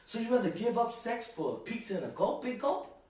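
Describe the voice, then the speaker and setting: A man's voice: very high-pitched, big pitch swings, a little fast, darkish tone. A young man delivering a rambling comic rant to camera, stumbling and repeating himself with constant "you know"s. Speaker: host. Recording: very echoey room, far from mic.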